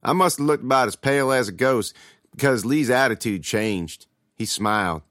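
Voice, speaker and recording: A man's voice: medium pitch, moderate pace, fairly bright tone, no echo, clean studio sound. A man giving a dramatic first-person reading of a scripted horror tale. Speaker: storyteller.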